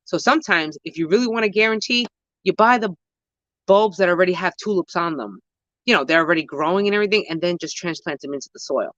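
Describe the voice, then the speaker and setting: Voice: medium pitch, fast, fairly bright tone. A New voice rambling through gardening answers, full of slang and half-finished thoughts that keep getting corrected. The sound is dull and lo-fi, picked up by a handheld phone, and close and dry with no echo to it. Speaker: gardening vlogger answering viewer questions. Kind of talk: casual chat. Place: outdoor home garden. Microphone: handheld phone camera while walking.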